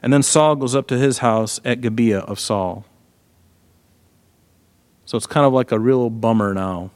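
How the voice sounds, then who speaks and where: A man's voice: medium pitch, a little slow, a little mellow, clean tone. Earnest man teaching from the Bible. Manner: earnest, frequent "right?" asides and restarts.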